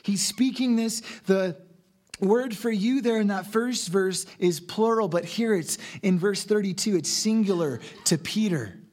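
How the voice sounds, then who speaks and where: A man's voice: high voice, unhurried, darkish tone. A man preaching a sermon in an earnest, exhorting way, moving between reading scripture aloud and urging his listeners on. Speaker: pastor.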